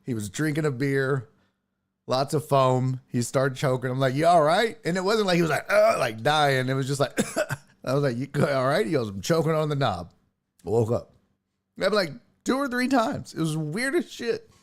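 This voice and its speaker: A sports podcast host runs a casual livestream chat, talking in a rambling, profane way and laughing through his stories. His voice is a little high and animated, at a normal speed.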